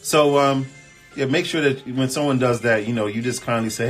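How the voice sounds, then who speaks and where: Reading viewer comments aloud, a man hosting a laid-back relationship advice chat responds with animated, emphatic, colloquial energy. He speaks at a moderate pace in a mid-range voice, and faint music plays behind him.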